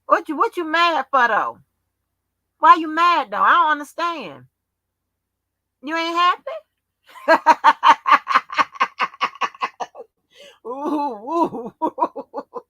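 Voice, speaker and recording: A brash woman livestream host with a bright, lively voice that swoops up and down as she needles her chat. She talks slowly and profanely, and the sound is dry and close. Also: sits high, dry recording, highs cut off. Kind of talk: casual live-stream chat.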